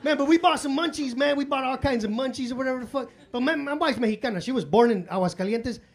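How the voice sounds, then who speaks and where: A man's voice: extremely high pitch, fast talker. A man doing a brash, profane stand-up comedy set in street slang, recorded live on a comedy club stage. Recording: live club with crowd laughter and noise. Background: audience laughter.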